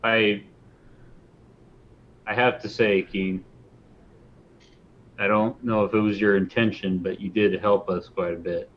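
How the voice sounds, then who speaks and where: A man at a tabletop game who speaks in a hesitant, conciliatory way. His voice is low, and the audio sounds dull and slightly muffled. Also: little pitch movement, measured pace, long pauses, slight background noise. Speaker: player.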